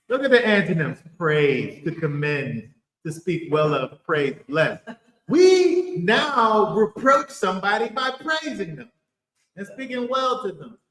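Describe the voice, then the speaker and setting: Animated man teaching scripture. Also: sits high, slow pace, long pauses, roomy sound, low-quality recording. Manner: animated, emphatic, rhetorical questions. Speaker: bible teacher. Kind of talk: livestreamed bible teaching.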